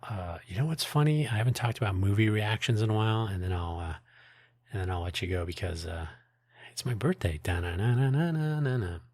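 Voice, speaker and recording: Deep voice, husky, man, rambling solo podcast host, dry close sound. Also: quick pace, a little mellow, dry recording. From United States. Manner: rambling and wry, with many restarts and asides. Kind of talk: casual solo monologue.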